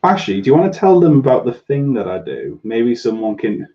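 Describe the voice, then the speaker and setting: A man's voice: mid-range voice, very animated, a little fast, lo-fi sound. Stammering Geordie man on a livestream. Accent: Northeast English, Newcastle. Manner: stammering, restarts a lot. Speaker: host. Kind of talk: casual livestream chat.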